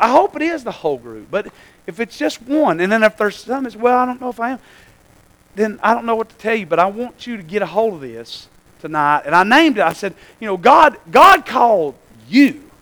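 A middle-aged pastor with a high-pitched voice, talking through his church news in a loose, folksy way. He keeps checking in with the congregation as he goes, then moves into his sermon with the same rambling warmth. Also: animated, a little fast, poor audio.

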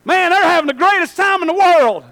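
A male pastor preaching a sermon in a church, swinging between shouted lines and quiet asides. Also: very high voice, lively intonation, a little fast, low-quality recording.

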